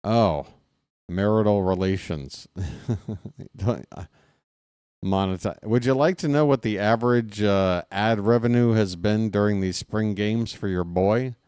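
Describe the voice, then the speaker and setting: Male play-by-play streamer, lower register, smooth resonant tone, dry close mic, rambling comic asides. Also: measured pace, a little mellow, dry recording. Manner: rambling, jokey, talks to chat viewers. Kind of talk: casual baseball commentary with chat.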